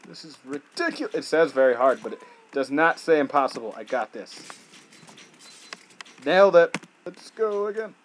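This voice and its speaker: Excitable man yelling over gameplay. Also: on the high side, moderate pace, pauses often, a little hiss or hum, poor audio. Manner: excitable, yelling at the game, then muttering. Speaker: gaming YouTuber. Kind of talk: gameplay commentary.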